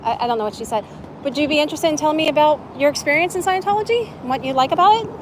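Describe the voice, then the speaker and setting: Sarcastic high-voiced woman on a noisy street. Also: rapid-fire. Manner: sarcastic, questioning passersby. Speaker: street livestreamer. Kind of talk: casual live street commentary. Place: outdoors on a public city street. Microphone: handheld cell phone. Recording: loud outdoor street noise.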